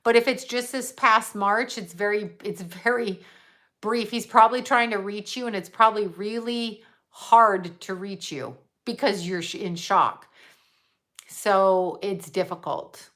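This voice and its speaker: Woman, middle-aged, live-stream psychic, blunt and profane, halting restarts, bright tone. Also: medium pitch. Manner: frank and profane, halting with restarts when emotional. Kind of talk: casual live-stream chat reading viewer comments.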